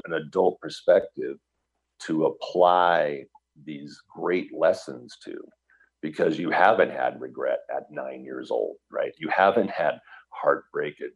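A man's voice: very deep voice, creaky, slightly rough, highs cut off. A middle-aged man, a guest on a radio interview, telling his story in an earnest, emotional and reflective way. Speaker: guest, author and restaurant entrepreneur.

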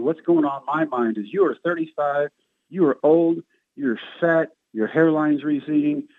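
A middle-aged man, a guest on a radio show, telling stories in a lively, self-mocking way and acting out the voices of the people in them. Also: a little high, moderate pace, no echo. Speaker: guest, former baseball player. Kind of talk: storytelling interview. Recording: tinny phone line, dry.

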